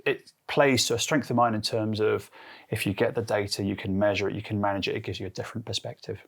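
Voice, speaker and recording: A man's voice: fairly low pitch, steady tone, quick pace. A man from Guernsey giving chatty interview answers, acting out quotes as he tells stories. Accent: Guernsey English. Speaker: interviewee, head of transformation and change.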